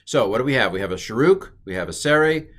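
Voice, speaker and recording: A middle-aged man teaching an online Hebrew lesson in a playful way, with jokey asides. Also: quick pace. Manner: playful, jokey asides, lively swings in pitch.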